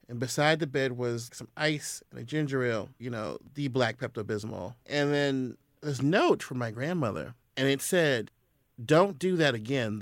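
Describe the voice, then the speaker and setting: Man, podcast guest, lively storyteller; dry close sound. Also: medium pitch, no room sound. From US South. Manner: animated storyteller. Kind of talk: casual podcast conversation.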